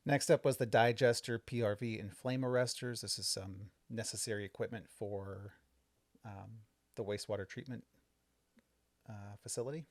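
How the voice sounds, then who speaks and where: A fairly low-pitched young adult man talks through local government matters at home for a podcast. He explains things in a relaxed, unhurried way, full of ums and self-corrections. The sound is close and dry, with no room echo. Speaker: village trustee and podcast co-host. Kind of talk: casual podcast chat recapping a board meeting.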